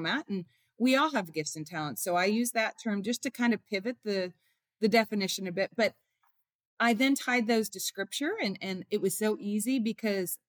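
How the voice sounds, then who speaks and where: A woman in an interview, talking at a middle pitch in an earnest, heartfelt way. She tells her stories by bringing in what others said, and her voice sounds close and dry with no room around it. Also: dry recording. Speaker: author and mother, interview guest.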